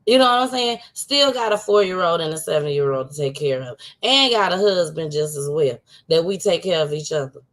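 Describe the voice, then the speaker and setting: A woman hosting her own livestream in a loose, chatty style, her voice sitting a little low. She is emotional and close to tears, yet breaks into laughter often and speaks from the heart. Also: a little fast, few pauses, fairly bright tone. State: tearful. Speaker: livestream show host. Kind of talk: casual livestream chat.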